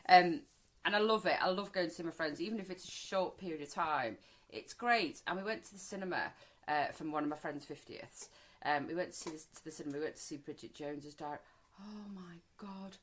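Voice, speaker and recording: A woman's voice: low-pitched, brisk, a bit bright, low-quality recording. A woman in her forties from the Wirral, co-hosting a casual chat podcast, talking freely, swearing and acting out bits of dialogue. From the Wirral, England. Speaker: podcast co-host.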